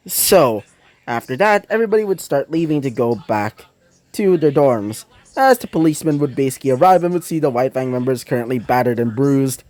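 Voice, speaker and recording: A man's voice: mid-range voice, animated, fairly quick, a little mellow, no room sound. A young man casually narrating a fan crossover story, rambling with frequent fillers. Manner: rambling, many fillers like "you know".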